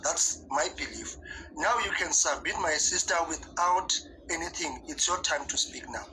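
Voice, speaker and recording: Halting male moderator over background noise. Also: fairly high pitch. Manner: halting, repeats words, placating. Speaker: panel moderator. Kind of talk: moderating a panel debate.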